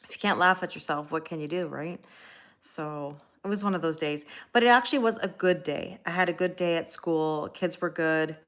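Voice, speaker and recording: She has a low-pitched, slightly bright voice and keeps a moderate pace while hosting a casual live stream. Rambling through a story, she laughs at herself and says hello to chat viewers by name. By trade she's a schoolteacher, as well as a livestream host and tarot reader.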